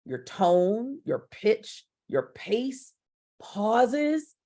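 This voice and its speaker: A woman's voice: a little high, sing-song, very slow, dark tone. A middle-aged woman teaching a public speaking workshop, shifting her volume and pace to demonstrate. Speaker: speaker trainer.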